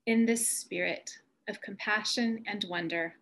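A woman leading a church service, giving a warm, lilting welcome to the congregation. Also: medium pitch, measured pace. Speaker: worship leader.

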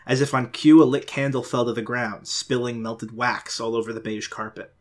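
A man who is a comedian and actor, reading a short story aloud with lively narration as a podcast guest. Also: medium pitch, normal speed.

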